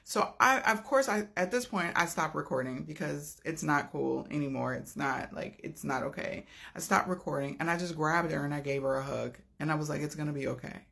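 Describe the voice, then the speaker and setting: A woman with a low, gravelly voice tells a personal story in an earnest, heartfelt way. She swings between raised, intense moments and soft, hushed ones, with a grainy fry running through her speech. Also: moderate pace, few pauses. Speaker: storyteller recounting an encounter.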